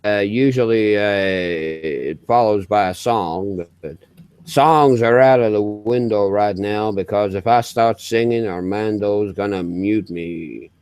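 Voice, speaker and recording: A Glasgow man putting on a slow, deep Southern drawl. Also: darkish tone, smooth, no room sound, lightly acted. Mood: lazy drawl. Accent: Scottish, Glasgow.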